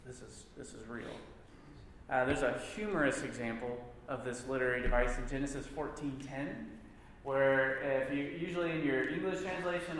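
A man's voice: medium pitch, a bit bright, a little hiss or hum. A man teaching a church Bible class, stressing points by repeating words. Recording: echoey room with long reverb.

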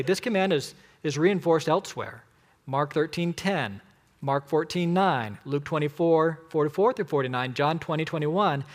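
A fairly high-voiced man preaching with emphasis, counting off his points and putting questions to the congregation. His voice rings out with a long reverb from a large hall. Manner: emphatic, rhetorical questions to the audience. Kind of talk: sermon.

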